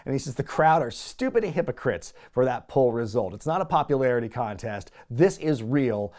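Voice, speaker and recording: A man's voice: mid-range voice, darkish tone. A man hosting a casual wrestling review show, recapping matches with wry, chuckling asides. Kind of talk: casual commentary.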